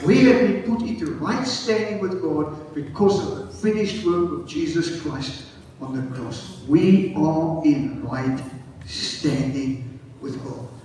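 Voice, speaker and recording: A man preaches to his congregation with a high voice, urging people to answer him back. He jumps from loud cries to low, hushed stretches. The voice rings through a big hall and sounds far from the microphone. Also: slight background noise. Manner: call-and-response preaching, swinging from high exclamations to low quiet passages. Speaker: pastor. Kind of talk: sermon. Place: church hall. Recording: echoey hall, voice picked up from a distance.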